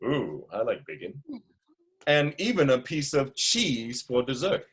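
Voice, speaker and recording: A man's voice: medium pitch, a little slow, slightly rough. A male teacher reading a storybook aloud to children and stopping to ask them questions. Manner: lively, asks the children questions.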